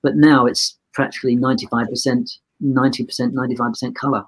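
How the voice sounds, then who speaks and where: Over a low-quality recording, a sixty-something photographer chats through a long, rambling podcast anecdote at a quick pace, acting out exchanges and restarting his sentences. His mid-range voice has a breathy edge and little pitch movement.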